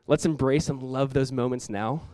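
A young man preaching a sermon as pastor, in a loose conversational way, peppered with "like" and quick acted-out quotes of Jesus and the disciples. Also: mid-range voice, darkish tone, no echo.

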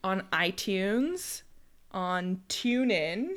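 A young woman co-hosting a casual podcast chat, wry and quick to laugh. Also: medium pitch, animated. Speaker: podcast co-host.

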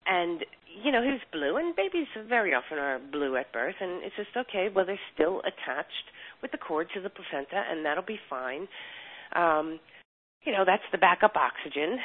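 An older woman with a low voice tells a story as a chiropractor guest in an interview. She acts out the voices of the people in her story. The sound is tinny, like it comes over a phone line.

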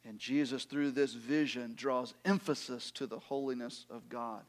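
A man pastor preaching a sermon, swinging from loud emphatic lines to hushed, falling phrases as he quotes scripture. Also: mid-range voice, steady tone, normal speed, hardly any pauses. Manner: swells loud then drops to near-whispers for emphasis.

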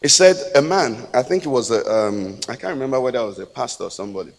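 Impassioned Nigerian pastor preaching in a hall. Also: male voice, mid-range voice, fast talker, gravelly. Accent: Nigerian English. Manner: impassioned preaching, swinging from shouts to hushed prayer. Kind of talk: sermon.

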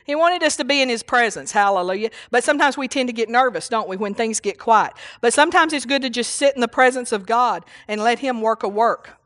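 Woman preacher, fairly high voice, rambling folksy sermon with lots of hallelujahs. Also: lively intonation, a little fast, a bit bright. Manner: rambling, folksy, laughs often, many hallelujahs. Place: church service.

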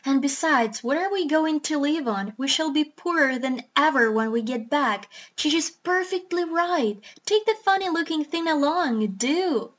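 A woman's voice: high voice, expressive, a bit bright, voice pushed up. A woman doing Dab-Dab, a bossy scolding duck. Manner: scolding and brisk. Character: bossy practical female duck housekeeper.

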